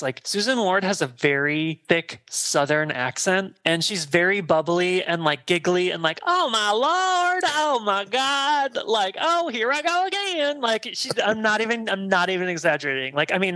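A man with a bright, forceful tone and a voice pitched a little high for a man. He talks in a gushing, gossipy way as he co-hosts a casual movie podcast, scattering "like" through his sentences. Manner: effusive and gossipy, lots of "like". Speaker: podcast co-host.

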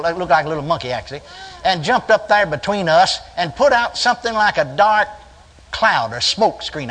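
An older man preaching a sermon, telling a folksy story that climbs into emphatic shouts. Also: high-pitched, poor audio.

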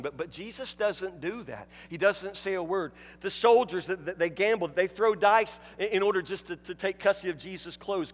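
A male pastor preaching a sermon, emphatic, repeating words and dropping to hushed tones at moments. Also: sits high, big-room sound.

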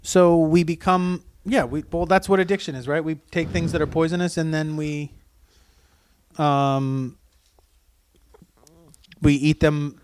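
A man's voice: on the high side, fairly even intonation, smooth. A man co-hosting a podcast in casual chat, stumbling over words and correcting himself as he talks. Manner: stumbling, halting, self-correcting. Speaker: podcast co-host.

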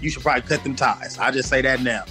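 A man's voice: mid-range voice, quick pace, bright, forceful tone, faint music behind. A man co-hosting a casual podcast, chiming in with playful, joking remarks. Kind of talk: casual chat.

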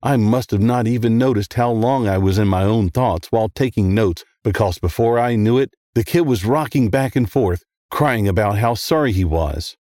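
A man narrating a first-person horror story in a steady, measured way. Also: lowish voice, no echo, clean studio sound.

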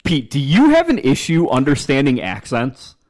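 Guy on a podcast rattling off stories, swears a lot, average pitch. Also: wildly swooping pitch, a little mellow. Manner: fast, profane storytelling. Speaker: podcast co-host. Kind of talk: casual chat.

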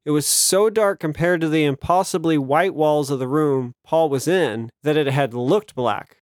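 A man reading a fantasy novel aloud in steady, measured narration. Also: on the high side, no room sound, clean studio sound. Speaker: audiobook narrator. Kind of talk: scripted narration.

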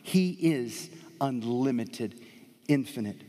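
A man preaching a sermon as pastor, animated, swinging between soft and loud emphasis, in a church with a live audience. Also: medium pitch, a little slow. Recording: long hall reverb.

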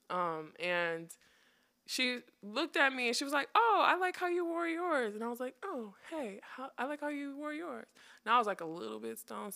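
Chatty young woman, bright gravelly voice. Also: fairly low pitch. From United States. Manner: chatty, laughing, wry storytelling. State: tired. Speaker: podcast host. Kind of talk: casual chat.

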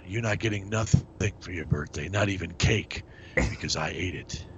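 A man doing a comedic impression of a menacing aging action star, in a low hushed gravelly mumble with deadpan tough-guy threats. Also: moderate pace. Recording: muffled recording with loud background noise.

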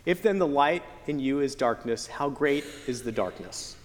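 A man preaching a sermon as pastor, earnest with playful joking asides and slow, stretched emphasis on key phrases. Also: medium pitch, animated, slight background noise. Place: church sanctuary. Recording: long church hall reverb.

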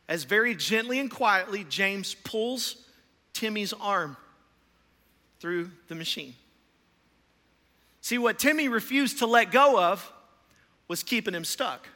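Impassioned preacher with a bright voice. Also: male voice, sits high. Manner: impassioned preaching, swings from hushed to loud storytelling. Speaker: pastor. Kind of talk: sermon. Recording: long hall reverb.

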